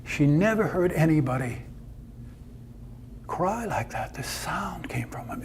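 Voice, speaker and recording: A man's voice: on the high side, darkish tone, slight background noise. A man performing a dramatic told story, narrating it vividly.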